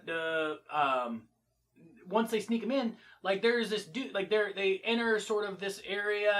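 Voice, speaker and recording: A man casually retelling and reviewing a movie in a rambling way, full of fillers. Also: sits high. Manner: rambling, filler-heavy, animated. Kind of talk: casual reaction vlog.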